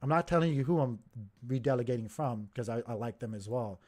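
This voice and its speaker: A man's voice: medium pitch, brisk, mellow. A man hosting a crypto livestream, talking in a heated, emphatic way and repeating himself as he gets worked up.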